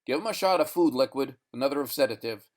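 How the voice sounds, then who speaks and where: A man voicing a calm, reassuring spaceship rescuer in a story reading. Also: medium pitch, quick pace, lightly acted.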